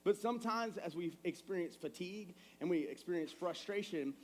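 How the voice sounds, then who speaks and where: Man, 30s, pastor, sermon, conversational, animated storytelling, slightly high voice. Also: normal speed, a little hiss or hum. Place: church sanctuary.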